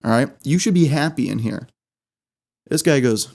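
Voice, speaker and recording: A man hosting a podcast, telling a comic story in a rambling, excitable way and repeating words for laughs. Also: mid-range voice, moderate pace, vocal fry. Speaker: podcast host. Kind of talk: comedic storytelling monologue.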